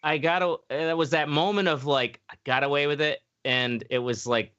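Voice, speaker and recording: A man's voice: fairly high pitch, fairly even intonation, moderate pace, fairly bright tone, clear, resonant tone, no room sound, highs cut off. A man telling a story casually and animatedly, acting out the voices of people in it and swearing freely. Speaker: podcast host telling a story.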